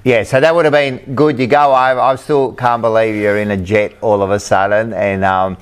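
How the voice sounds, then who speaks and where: A man's voice: fairly low pitch, fairly even intonation, normal speed, clear, resonant tone. A man co-hosting a casual chat, chiming in with easygoing remarks. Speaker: podcast co-host.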